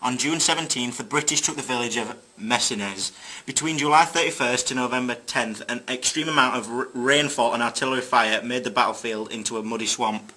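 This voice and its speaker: Bright-voiced young man narrating history. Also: medium pitch, fairly quick. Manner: jokey asides, hesitant fillers. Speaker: student presenter. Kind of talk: narrating a school history video.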